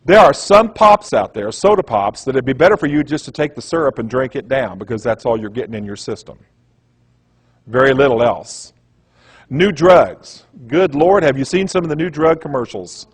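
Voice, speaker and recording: A man's voice: medium pitch, expressive, moderate pace, breathy edge. A man giving a presentation in a rambling, emphatic storytelling manner. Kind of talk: conspiracy lecture talk.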